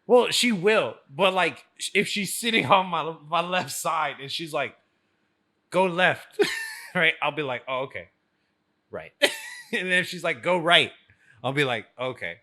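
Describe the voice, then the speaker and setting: A man co-hosting a casual podcast chat, animated and laughing often as he acts out what others say. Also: on the high side, moderate pace. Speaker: podcast co-host.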